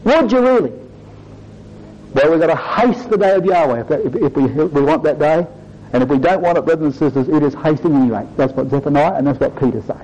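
A man's voice: a little high, fast, mellow. A man preaching a sermon to his congregation, earnest and emphatic, often addressing them as brothers and sisters. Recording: dull lo-fi recording.

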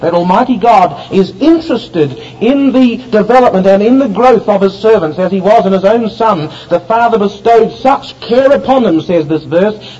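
A man delivers an expository sermon, his voice sitting high for a man. He teaches verse by verse and puts questions to his listeners. The recording is muffled and lo-fi, with a faint hiss of room ambience. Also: darkish tone. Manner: expository Bible teaching, rhetorical questions to the congregation. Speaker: preacher.

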